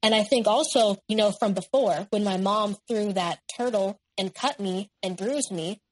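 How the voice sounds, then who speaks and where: A woman's voice: medium pitch, moderate pace, rough recording. A nineteen-year-old woman, a guest in an interview, recounting a personal story in a candid, matter-of-fact way.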